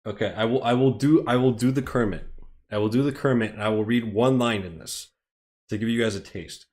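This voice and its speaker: An American man reads a script live for his stream viewers, breaking off into rambling, self-deprecating asides. His voice sits at an ordinary male pitch and his talk is loose and unscripted. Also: a little fast, darkish tone. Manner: rambling and self-deprecating, chuckling between phrases. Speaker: streamer, host.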